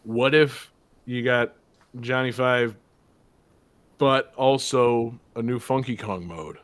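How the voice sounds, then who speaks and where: A man's voice: medium pitch, takes it slowly, a bit bright, no room sound. A man hosting a game show podcast, chatting casually with lots of fillers, jokey asides and swearing.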